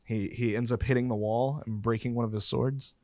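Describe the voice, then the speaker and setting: A man's voice: mid-range voice, steady tone, a little fast, a little mellow, dry recording. A man narrating a tabletop game as game master, laughing now and then.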